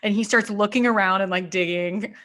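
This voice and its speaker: A woman, an opera singer co-hosting a casual chat, telling animated stories and acting out what other people said. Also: mid-range voice, brisk. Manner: animated storyteller who acts out other people's lines.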